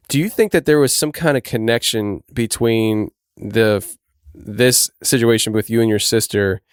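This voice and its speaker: Male podcast host, smooth clear voice, relaxed interviewer, dry close mic. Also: fairly low pitch, no room sound. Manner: relaxed, follows up with questions. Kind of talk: casual interview questions.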